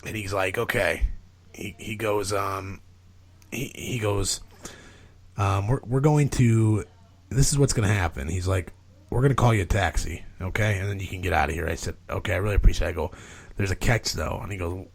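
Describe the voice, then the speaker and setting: Man, lowish voice, podcast guest, casual storytelling, swears a lot, rambling. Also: a little fast, gravelly. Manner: profane, rambling, animated retelling with filler words.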